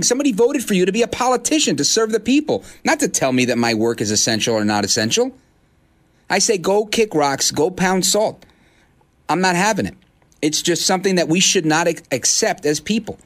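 A man's voice: high voice, very animated, fairly quick. A man hosting a talk radio show from a studio, delivering a fired-up, rhetorical opinion monologue in punchy bursts into a studio microphone. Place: radio studio in a high-rise.

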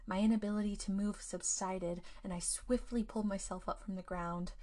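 A woman narrating a spooky tale for her story podcast. Her delivery stays hushed and drops close to a whisper, as scripted ghost-story narration, at an ordinary middle pitch for a woman. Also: steady tone, normal speed.

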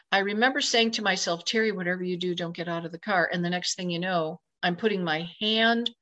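A woman's voice: mid-range voice, fairly bright tone. Woman telling a vivid personal account. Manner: vivid storyteller, acts out her own inner thoughts. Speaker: interview guest. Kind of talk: personal account told in conversation. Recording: slightly dull lo-fi recording.

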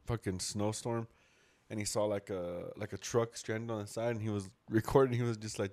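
A man's voice: lowish voice, brisk. A man co-hosting a podcast, telling road stories in casual chat, swearing a lot and acting out the people he quotes. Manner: swearing storyteller, acts out quotes. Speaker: podcast co-host.

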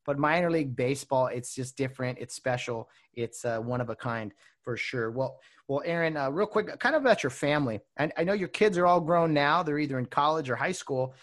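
A man's voice: medium pitch, lively intonation, fairly quick, hardly any pauses. A man hosting a casual interview, affable and chatty. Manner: affable, chatty, laughs easily.

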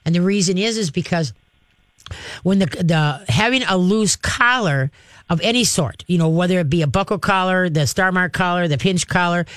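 A dog trainer hosting a call-in show, giving direct, practical advice and acting out calm commands to dogs. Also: mid-range voice, moderate pace, no echo.

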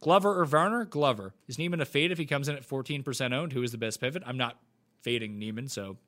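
A man hosting a casual livestream Q&A, answering questions with quick, blunt replies and wisecracks. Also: medium pitch, fairly bright tone. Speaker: livestream host.

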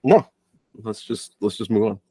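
A man's voice: fairly low pitch, lively intonation, moderate pace, warm tone, slightly rough, dry recording, studio quality. A man co-hosting a casual chat podcast, wisecracking and laughing, with lots of fillers. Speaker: podcast co-host.

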